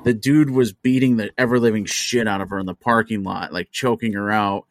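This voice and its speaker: A man hosting a casual podcast chat over drinks, telling stories in a profane, animated way. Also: on the low side, a little fast, dry recording, clean studio sound. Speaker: podcast host.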